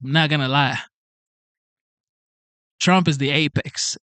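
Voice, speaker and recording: A man giving casual reaction commentary on a political clip. He is excitable and keeps blurting out exclamations. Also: on the high side, slow, no room sound.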